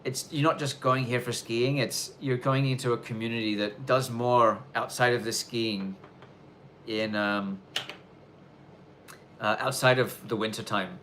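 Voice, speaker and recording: Out in the snowy Japanese countryside, a man runs a casual live question-and-answer stream. His medium-pitched voice is steady, unhurried, and a bit bright, and there's slight background noise. He rambles loosely, with many fillers and restarts.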